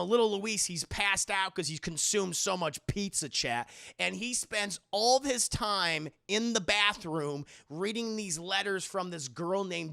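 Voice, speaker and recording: Young male streamer, high voice with lots of vocal fry, chatty and foul-mouthed, talking straight to his chat. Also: bright, forceful tone. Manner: chatty and profane, keeps addressing the chat. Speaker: TV show reviewer streaming live. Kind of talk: casual live-stream recap.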